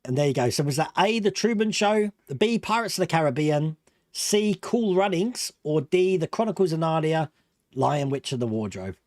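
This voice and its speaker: A high, animated male voice with an Australian accent worn down by years in Britain, recorded dry and close. He hosts a livestream quiz, giggling often and drawing out the answer choices, with faint music underneath. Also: no room sound. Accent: Australian mixed with British. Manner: giggly, playful, reads options slowly. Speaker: quiz host.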